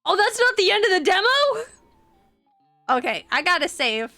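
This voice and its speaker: A young woman streaming from home, her high voice bright and tight to a dry desk mic. She reads game text aloud and chats with viewers, turning gushy and excitable between passages. Faint game music sits underneath. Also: moderate pace, dry recording. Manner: gushing and excitable between readings.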